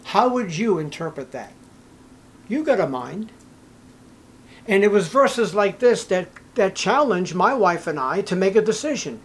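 A man's voice: sits high, lively intonation, a little slow, husky. An older man preaching a sermon, reading scripture aloud and commenting with growing emotion. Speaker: pastor.

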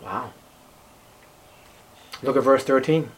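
A man preaching a sermon, emphatic, swinging from loud declarations to hushed, slow words. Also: mid-range voice, breathy edge.

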